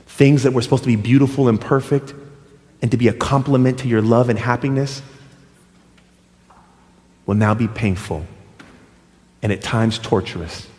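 Low grave God, put on by a preaching man, hushed questions, long hall echo. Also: measured pace, long pauses, natural voice. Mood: solemn.

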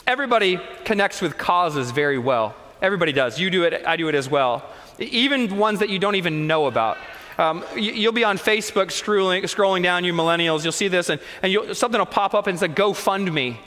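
A man's voice: sits high, pushed and bright. A man preaching a sermon as pastor, talking casually and speaking straight to his congregation. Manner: conversational, addresses the congregation directly. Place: large church sanctuary. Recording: long reverb of a church hall.

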